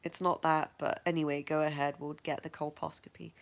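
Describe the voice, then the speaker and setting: Low-voiced woman, frank and self-mocking. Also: little pitch movement. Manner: frank and matter-of-fact, quick to laugh at herself. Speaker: vlogger sharing her health journey. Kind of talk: candid personal storytelling.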